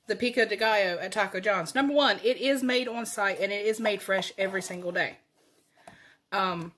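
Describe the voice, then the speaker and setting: A woman with a Southern American accent talks through a home recipe in an easy, folksy way, laughing often. Her pitch sits in the middle for a woman. Faint kitchen noise, with dishes and utensils clinking, runs under her voice. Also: a bit bright. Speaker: cooking channel host. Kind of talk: casual cooking demonstration.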